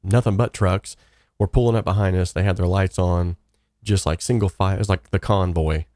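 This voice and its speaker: A man's voice: sits low, fairly even intonation, a little fast, darkish tone, no room sound, studio quality. A young man hosting a casual live stream, telling stories in a rambling way with many fillers and restarts. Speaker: host. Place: home studio.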